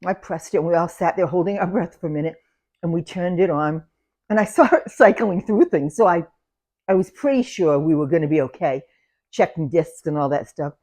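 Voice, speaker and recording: Older New woman, salon owner, casual storytelling, animated and chatty; she laughs as she talks. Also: lowish voice, brisk. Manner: animated, laughs through anecdotes, loud when acting out yelling.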